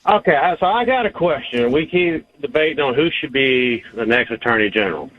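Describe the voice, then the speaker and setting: A man's voice: mid-range voice, lively intonation, a little fast, dry recording. A man from Georgia with a Southern accent, calling in to a talk radio show and speaking casually, in a folksy way, often repeating his words. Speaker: caller. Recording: tinny phone line.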